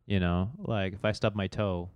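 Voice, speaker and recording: A man's voice: low voice, steady tone, normal speed, a little mellow, smooth, no echo. A young man co-hosting a casual chat, laid-back and slangy. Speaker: podcast co-host.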